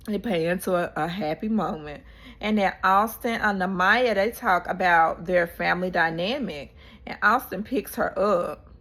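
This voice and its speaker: Gravelly woman recapping a reality show. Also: mid-range voice. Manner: animated storytelling, acting out quotes. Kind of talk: casual chat.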